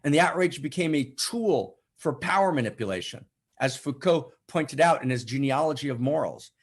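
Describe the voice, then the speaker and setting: A man hosting an online spiritual broadcast, fervent and impassioned, swinging from loud declarations to hushed asides and keeping up a constant tag of "right?". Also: a little high, lively intonation, moderate pace, slightly rough. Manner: keeps adding "right?" as a tag. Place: home setup for an online broadcast.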